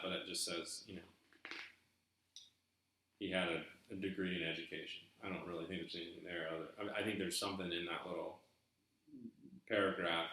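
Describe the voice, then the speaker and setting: Slight background noise and heavy room echo surround a man's low, bright, forceful voice. Hosting a treasure hunt video, he reads from a book and muses in a chatty vlog manner, faking a folksy Southern American accent.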